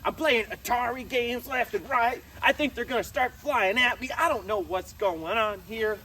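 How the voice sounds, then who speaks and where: A man's voice: very high-pitched, normal speed, pushed and bright. A man doing a comic, mock-outraged rant to camera outdoors by a grill. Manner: exaggerated, mock-outraged ranting. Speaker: show host in an outdoor bit. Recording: distant mic, outdoor noise.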